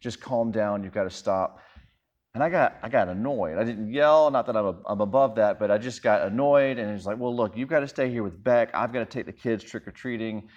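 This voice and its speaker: A man's voice: medium pitch, fairly quick, few pauses, a little mellow, dull audio. A man in his thirties, a pastor preaching a sermon in a conversational, self-deprecating storytelling way.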